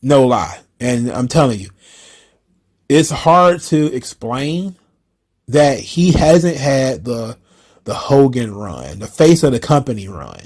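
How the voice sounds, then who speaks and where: A man's voice: medium pitch, very animated, takes it slowly, a little mellow. A man hosting his own wrestling commentary, ranting casually in a profane, incredulous, repetitive way.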